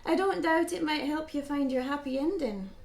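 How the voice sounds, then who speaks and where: A woman's voice: high-pitched, normal speed, echoey room. A woman putting on a flirty Scottish lass accent, teasing and playful. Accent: Scottish, put on.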